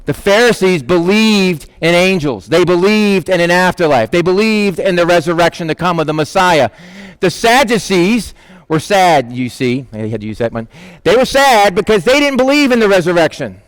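A male pastor gives a lively, conversational sermon with a fairly high voice. He slips into casual modern speech as he acts out the Bible characters. The sound is dry and close, with little room echo. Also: normal speed, clear, resonant tone.

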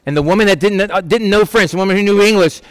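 A man delivers an informal Bible teaching in a slightly higher voice. He talks conversationally, firing off rhetorical questions and slipping into quoted voices. The sound is dry and close. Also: fast talker, smooth, no room sound. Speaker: preacher.

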